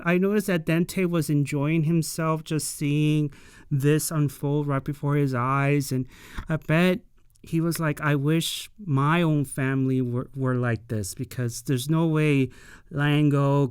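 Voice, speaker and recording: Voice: medium pitch, smooth, no echo, studio quality. A reviewer recapping an episode in a casual, rambling way, full of fillers and blunt opinions. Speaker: anime and tokusatsu episode reviewer.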